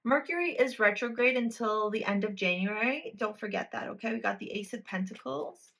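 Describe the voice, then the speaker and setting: A woman's voice: fairly high pitch, brisk, vocal fry, fairly bright tone. Emphatic, blunt woman tarot reader. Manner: blunt, emphatic, swears freely; addresses the viewer directly. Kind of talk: pick-a-card tarot reading.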